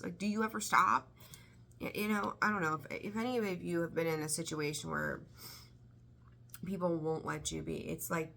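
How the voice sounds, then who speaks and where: Gravelly bright-voiced woman reading tarot. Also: low-pitched. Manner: rambling, swears freely, exasperated outbursts. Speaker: tarot reader.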